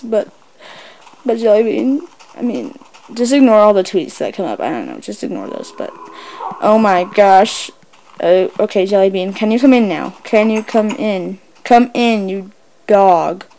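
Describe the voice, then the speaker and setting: A woman giving casual, excitable commentary while she plays, chatting away and coaxing her pet in the game. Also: a little high, poor audio. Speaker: let's play host.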